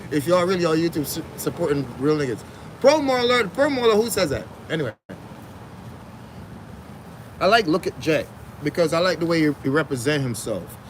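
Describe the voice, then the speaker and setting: A man's voice: fairly high pitch, normal speed, pauses often, a little hiss or hum, rough recording. A man on a casual livestream, talking slangy and profane, laughing often and hammering home repeated phrases. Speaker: livestream host.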